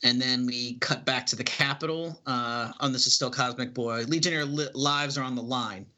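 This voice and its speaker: A man's voice: mid-range voice, steady tone, moderate pace, bright, forceful tone. A man casually reading through a comic book and describing its panels, hesitant and full of fillers. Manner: rambling, hesitant, many fillers.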